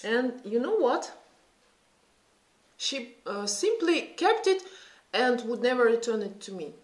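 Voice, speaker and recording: Russian-accented lady in her 30s chatting through her makeup, slow and easy, sounds like a bare echoey room. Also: fairly high pitch. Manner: chatty, thinking aloud while applying makeup. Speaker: beauty vlogger. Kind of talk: casual makeup tutorial chat.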